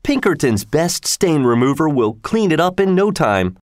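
A man's voice: a little high, big pitch swings, normal speed, dry recording, studio quality, pitched above the performer's own voice. Boastful young man, brash, raised and proud, done by the narrator.

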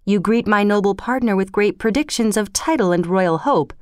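An earnest, bold noble warrior who presses strange beings with pointed questions, as a woman reads him in a storybook. The voice is smooth and resonant, recorded dry and close. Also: medium pitch, moderate pace, no echo, lightly acted. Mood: challenging. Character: brave noble male warrior Banquo, questioning.

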